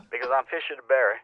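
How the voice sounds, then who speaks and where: A man's voice: mid-range voice, muffled recording, lightly acted. Man doing a boastful old football coach. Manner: drawling put-on accent, crude boasting. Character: blustery older male football coach, boastful. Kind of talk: comic impression on radio show.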